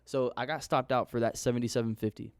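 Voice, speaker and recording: A man's voice: medium pitch, steady tone, fast, no echo, clean studio sound. Candid, rambling young man recapping trades. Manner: candid, rambling, swears casually. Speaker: forex trader vlogger. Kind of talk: casual screen-share recap.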